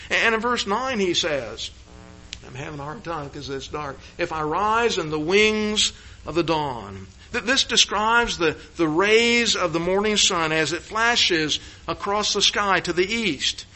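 A man preaching a sermon on a psalm, with frequent stammered restarts and sudden emphatic rises that fall back to hushed, slower phrases. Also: sits high, expressive, poor audio. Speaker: pastor.

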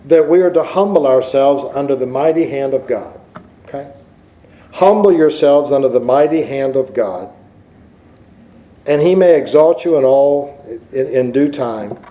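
A middle-aged male pastor preaching a sermon, full of rhetorical questions and swinging from loud emphasis to hushed asides. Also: fairly high pitch, slight background noise, poor audio.

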